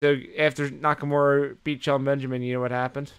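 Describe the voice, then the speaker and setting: A man co-hosting a podcast, swearing freely in an animated, casual recap of the week. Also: medium pitch, quick pace, clear, resonant tone. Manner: animated retelling, heavy swearing. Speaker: podcast co-host. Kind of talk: casual chat recapping wrestling.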